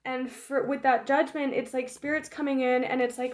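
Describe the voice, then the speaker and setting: Woman tarot reader, slightly high voice, blunt and animated, swears a lot, loose and chatty. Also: moderate pace, hardly any pauses. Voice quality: frank, swears freely, frequent fillers. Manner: animated, laughs often, emotional. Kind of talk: casual tarot reading.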